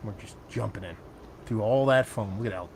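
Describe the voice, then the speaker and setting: Excitable man reviewing beer, noisy background. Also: lowish voice, brisk. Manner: animated, excitable, self-mocking with loose cursing. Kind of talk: casual beer tasting review.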